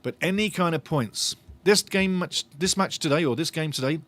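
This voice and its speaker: Excitable fan calling a match. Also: male voice, a little high, moderate pace. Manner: animated, repeats phrases, laughs often. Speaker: fan commentator on a watch-along stream. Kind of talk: excited live match commentary.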